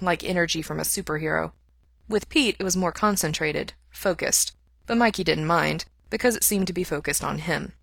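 A woman calmly reading a story aloud, doing all the voices. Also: fairly low pitch, gravelly, no echo, studio quality. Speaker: reader. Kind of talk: audiobook narration of fan fiction.

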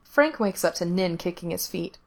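A woman reading an intimate story aloud, in a soft, unhurried narration that often drops to a hush. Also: fairly low pitch, expressive, vocal fry. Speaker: reader. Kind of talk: scripted narration of explicit fan fiction.

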